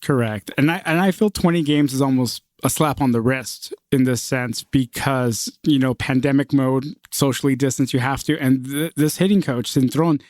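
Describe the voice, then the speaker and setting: A man's voice: mid-range voice, moderate pace, few pauses, darkish tone, no echo, clean studio sound. A man hosting a sports podcast, leading the chat and putting questions to his co-hosts. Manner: leads the talk, asks co-hosts questions.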